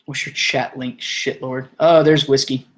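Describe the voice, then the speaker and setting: A man's voice: mid-range voice, flat delivery, a little slow, fairly bright tone. Rambling, swearing young male streamer. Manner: rambling, swearing, laughing often. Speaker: stream host. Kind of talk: casual live-stream chat.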